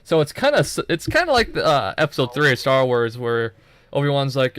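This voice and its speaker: A man's voice: medium pitch, animated, fairly quick, fairly bright tone, no room sound. A young man giving loose, profane, rambling commentary over his own gameplay footage, full of joking asides.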